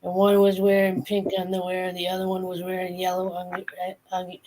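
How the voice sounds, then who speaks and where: A woman's voice: on the low side, completely flat delivery, a little fast, crowd noise, poor audio. A woman on a casual live stream, telling stories animatedly and acting out cartoon lines.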